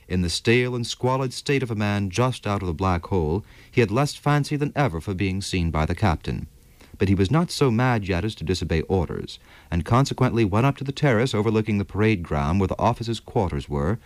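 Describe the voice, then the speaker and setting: A male narrator with a fairly low voice, reading a classic story at a measured, unhurried pace. The recording is close and dry, with no room sound. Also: dry recording. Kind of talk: audiobook narration of a classic novel.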